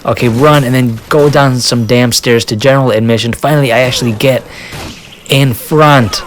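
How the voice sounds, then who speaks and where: Guy vlogging a story, laughs a lot, keeps restarting, says dude, mid-pitched voice. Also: normal speed, slight background noise. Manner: animated, laughs often, acts out quotes. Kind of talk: casual storytelling.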